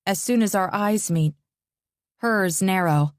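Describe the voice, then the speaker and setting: Woman reading a thriller audiobook, tense steady first person, dead dry mic. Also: medium pitch, slow, dry recording. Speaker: audiobook narrator.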